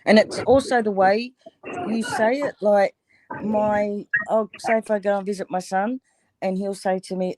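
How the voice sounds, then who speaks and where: A woman's voice: mid-range voice, steady tone, measured pace, darkish tone, low-quality recording. Laid-back Australian woman. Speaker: panel guest. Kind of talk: casual group chat.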